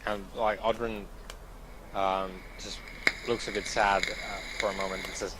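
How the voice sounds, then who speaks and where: Male player, low and quiet, hesitant, hissy distant recording. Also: little pitch movement, a little slow. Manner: quiet, hesitant, with many fillers. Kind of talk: quiet tabletop play. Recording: noisy, distant sound.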